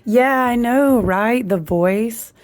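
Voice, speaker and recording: A woman with a hoarse, husky voice that is still recovering, chatting casually to camera about her candle and ritual craft, peppering her talk with "y'all" and "listen.". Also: fairly high pitch, takes it slowly. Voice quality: husky, smoky-sounding. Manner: chatty, animated, says "y'all" and "listen" often. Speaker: candle and ritual tool maker.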